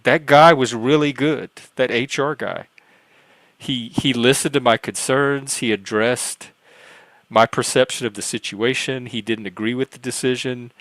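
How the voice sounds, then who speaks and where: A man's voice: medium pitch, moderate pace, fairly bright tone, dry recording. A man on a livestream panel telling a personal story in casual talk, earnest and rambling, with frequent restarts and self-corrections. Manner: earnest, acts out quoted dialogue.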